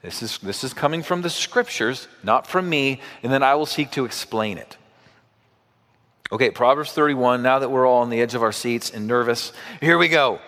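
A man's voice: medium pitch, moderate pace, a bit bright, in a large hall. A man preaching a sermon in a church, talking to the congregation in a conversational way with asides and questions. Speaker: pastor.

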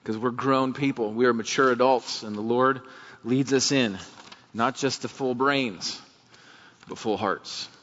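A man's voice: medium pitch, steady tone, a little slow, fairly bright tone, slight background noise. Earnest male pastor in a reverberant hall. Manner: earnest, fervent, asks rhetorical questions. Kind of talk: sermon. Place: church sanctuary. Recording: long reverb, dull lo-fi sound.

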